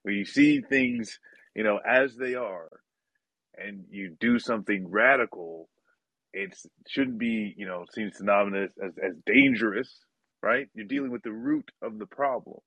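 A man hosting a podcast, talking casually with many pauses, restarts and light laughs. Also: on the low side, big pitch swings, vocal fry, bright, forceful tone, slightly rough, dry recording. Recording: slightly dull, dry audio.

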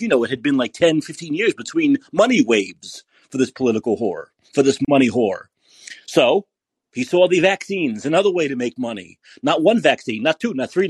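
A man hosting a podcast who rants angrily and curses, repeating himself for emphasis in a husky voice. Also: fairly high pitch, dry recording. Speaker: podcast host. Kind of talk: angry political rant.

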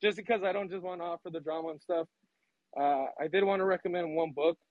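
Guy calling in, kinda high voice, blunt and earnest, muffled dry audio. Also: steady tone, quick pace, dry recording. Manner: blunt, earnest, laughs between points. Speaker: caller. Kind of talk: casual call-in chat. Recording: dull, dry phone-in audio.

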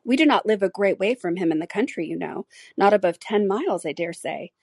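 A woman's voice: mid-range voice, animated, a little fast, a little mellow, slightly rough, no room sound. A woman voicing a giddy, chattering young society wife in an audiobook, gushing breathlessly. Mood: gossipy. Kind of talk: audiobook character reading.

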